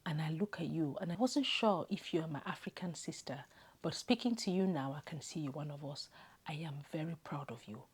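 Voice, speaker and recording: A woman quoting a tired, kind car park attendant in his fifties from Zimbabwe, in a soft, hushed voice. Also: on the high side, brisk, slightly rough. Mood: admiring. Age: 50s.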